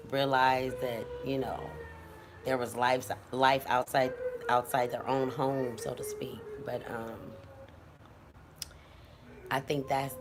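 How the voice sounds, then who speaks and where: A woman's voice: rumbling low, background noise. A woman in her fifties chatting casually at home, blunt and profane as she rambles. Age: 50s. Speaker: vlogger. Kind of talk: casual chat. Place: at home indoors.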